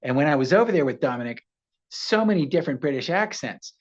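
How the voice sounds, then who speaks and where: American male actor guest, animated anecdote teller, dull lo-fi remote audio; good for an interview clip. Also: fairly high pitch, fast. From United States. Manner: animated storyteller, slips into voices.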